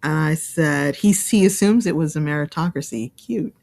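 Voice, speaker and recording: A woman's voice: low voice, normal speed, creaky, a little mellow. A woman co-hosting a podcast in a casual, teasing chat. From United States. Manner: laughs often, teasing. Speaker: podcast co-host.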